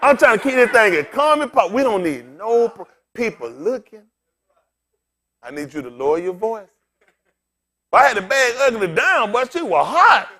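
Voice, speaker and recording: Animated high-voiced joking pastor. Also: male voice, normal speed, hardly any pauses. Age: older. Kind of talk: humorous conversational sermon.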